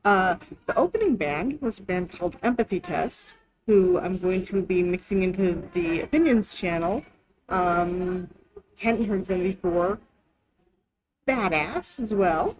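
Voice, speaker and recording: A woman's voice: lowish voice, expressive, unhurried, low-quality recording. Chatty woman rambling through a travel story. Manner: chatty, profane, lots of fillers. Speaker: travel vlogger.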